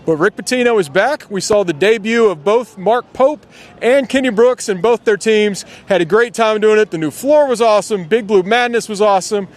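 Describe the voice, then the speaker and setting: A man hosting a sports show live outdoors outside an arena, upbeat and laughing as he quizzes fans. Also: high-pitched. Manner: upbeat, quick, laughing often. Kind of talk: live on-the-street interviews.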